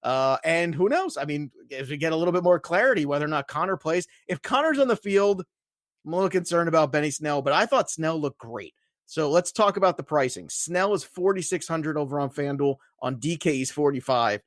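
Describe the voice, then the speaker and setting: Excitable, emphatic podcast co-host, a man. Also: fairly high pitch, a little fast, no room sound, studio quality. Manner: excitable, emphatic, laughs often. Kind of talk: casual fantasy football chat.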